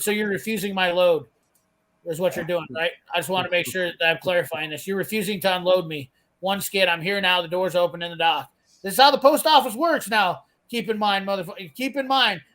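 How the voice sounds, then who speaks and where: Blunt, high-voiced swearing man. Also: pushed and bright, poor audio. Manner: profane, blunt, heated ranting. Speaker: host telling a work story. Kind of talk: casual storytelling chat.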